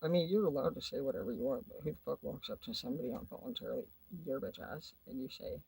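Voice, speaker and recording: A woman's voice: rumbling low, fast talker, vocal fry, hardly any pauses, dark tone, breathy edge, no echo, rough recording. A woman hosting a livestream, ranting sarcastically in a profane, combative way, dropping at times into muttered asides. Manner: foul-mouthed, sarcastic, combative. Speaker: livestream host.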